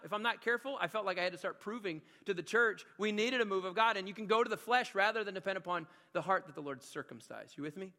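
A male pastor with a high, bright, cutting voice delivers a passionate sermon in a church sanctuary. He talks conversationally, tossing in quick asides, then drops low and quiet before building to loud, ringing emphasis. His voice carries a long reverb from the big hall. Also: gravelly. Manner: passionate preaching that swings from hushed asides to loud emphatic peaks; conversational, with frequent filler asides.

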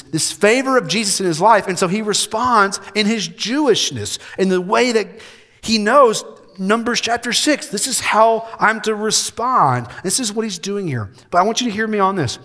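Emphatic preacher in a reverberant hall. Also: male voice, high-pitched. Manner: emphatic, swings between loud preaching and soft intimate delivery. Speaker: pastor. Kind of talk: sermon.

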